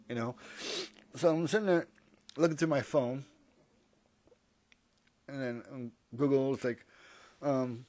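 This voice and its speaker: A man's voice: mid-range voice, a little mellow. A man rambling through a comedic monologue, interrupting and correcting himself as he goes. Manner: rambling, hypothetical, self-interrupting. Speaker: vlogger.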